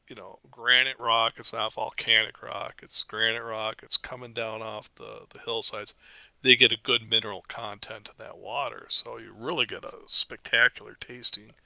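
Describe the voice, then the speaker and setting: Gravelly, bright-voiced middle-aged man. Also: on the low side, no room sound. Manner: rambling, storytelling, laughs often. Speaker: co-host, father. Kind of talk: casual podcast chat.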